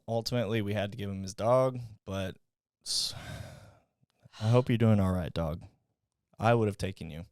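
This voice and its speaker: A man's voice: fairly low pitch, fairly quick, no room sound, clean studio sound. A young man co-hosting a podcast, telling stories in casual chat, swearing freely and laughing often. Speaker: podcast co-host.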